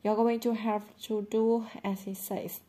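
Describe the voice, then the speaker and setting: A woman reading the lines of a worried but gentle mother in an audiobook, in a calm, soothing way. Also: medium pitch, a little slow, close to an everyday voice.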